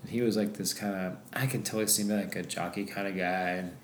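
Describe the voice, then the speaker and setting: Animated man telling a story in an echoey room. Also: low-pitched, fast talker. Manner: animated storyteller, acts out voices. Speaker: podcast guest. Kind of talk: casual storytelling. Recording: echoey room, faint noise.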